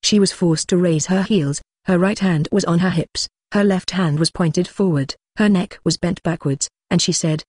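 A synthetic audiobook narrator reading in a flat machine manner and speaking punctuation marks aloud. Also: medium pitch, moderate pace, few pauses, no room sound, clean studio sound.

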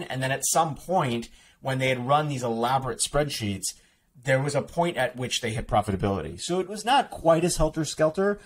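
An author being interviewed on a podcast talks fast in a mid-range, expressive voice. He rambles casually, restarting sentences and filling them with "like." There's slight background noise.

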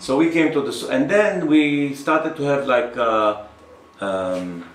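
A man's voice: medium pitch, sing-song, normal speed, reverberant, distant mic, poor audio. A middle-aged man, a farmer talking bluntly and ramblingly to visitors outdoors. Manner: blunt and rambling, with frequent restarts and laughs. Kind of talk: casual explanation to visitors. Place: outdoors on a farm.

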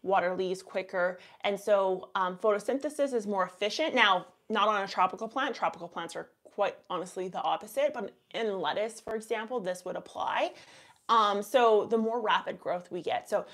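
A woman's voice: mid-range voice, moderate pace, a bit bright. A woman in her thirties with a Canadian accent, hosting a live gardening Q&A stream in a chatty, rambling way and reading viewer comments aloud. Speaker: host.

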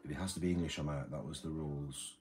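A man's voice: very deep voice, steady tone, quick pace, a little mellow, faint music behind. A man hosting a livestream, rambling casually, reading chat and swearing freely.

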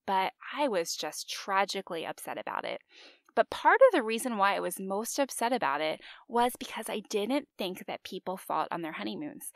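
A woman in her forties hosting a faith-based podcast, telling a personal story in an animated, confiding way with soft whispered asides. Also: fairly low pitch, gravelly, no room sound. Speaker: podcast host.

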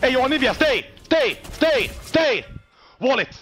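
A young man streaming a game, his voice sitting very high and sounding sharp and tense. He drawls his words slowly, then bursts into loud, profane shouts at his teammates. Faint music plays under him. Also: big pitch swings. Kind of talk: live gameplay streaming commentary.

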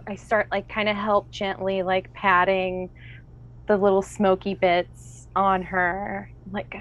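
A woman's voice: medium pitch, flat delivery, slow pace, fairly bright tone, highs cut off. A woman playing a tabletop game, describing her character's actions casually with lots of "like". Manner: chatty, many likes, describes actions. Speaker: player.

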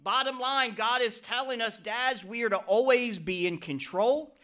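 A middle-aged male pastor delivering a sermon, his voice high and bright. He preaches earnestly and keeps checking in with a questioning "Amen?" as he drives each point home. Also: normal speed. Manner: preaching with frequent "Amen?" calls to the congregation.

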